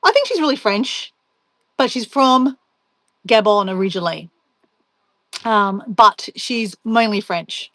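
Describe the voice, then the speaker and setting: A woman's voice: medium pitch, animated, slow pace, long pauses, bright, forceful tone, no echo. A woman, a travel vlogger chatting casually and playfully with livestream viewers while she packs. She laughs often and talks to herself as she goes. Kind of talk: casual livestream chat reading viewer comments.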